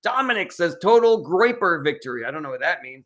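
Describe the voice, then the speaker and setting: Man, livestream host, bright tone, somewhat high voice, blunt, sarcastic, swears, casual Q&A. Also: big pitch swings, brisk. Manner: blunt, combative and sarcastic with commenters, swears freely. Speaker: political livestream host answering chat. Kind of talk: casual livestream Q&A, reading chat comments aloud.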